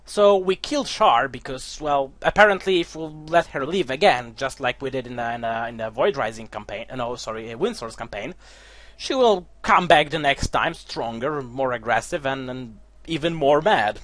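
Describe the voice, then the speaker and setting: Animated man rambling through game commentary. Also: mid-range voice, normal speed, dry recording. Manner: rambling, stumbling restarts, jokey. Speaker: gameplay commentator. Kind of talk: casual game commentary and story reading.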